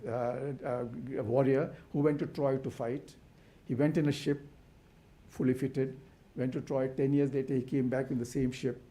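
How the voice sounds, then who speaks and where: Impassioned man, mellow voice. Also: medium pitch. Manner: impassioned, rhetorical questions, many restarts. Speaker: conservation academic speaker. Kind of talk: symposium talk.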